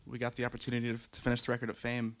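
A man's voice: mid-range voice, completely flat delivery, racing. A man, a musician guest in a radio studio, telling things in a dry, matter-of-fact way.

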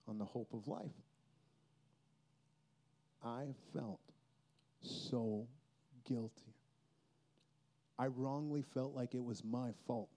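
A man's voice: fairly high pitch, mellow. A man giving a personal testimony at a Christian youth festival, telling his story earnestly and with feeling.

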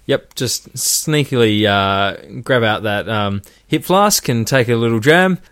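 A man's voice: medium pitch, expressive, takes it slowly, a bit bright, clean tone, dry recording. A man co-hosting a casual podcast, joking around with his friend and sometimes putting on a mock announcer tone. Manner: jokey, banters, mock announcer tone. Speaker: podcast co-host.

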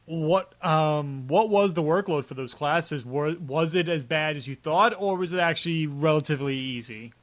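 Young male podcast host, relaxed interviewer, slightly higher voice. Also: moderate pace, hardly any pauses. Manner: relaxed, asks follow-up questions. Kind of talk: casual interview.

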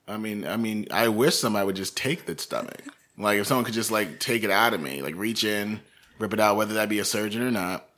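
A man's voice: fairly low pitch, brisk, a bit bright. A man in his twenties co-hosting a podcast in casual chat, talking bluntly and ranting with free swearing. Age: 20s. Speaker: podcast co-host.

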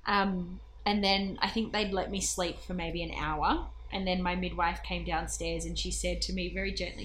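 A woman telling a casual, animated personal story full of fillers and laughs. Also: on the low side, normal speed, few pauses, a little hiss or hum.

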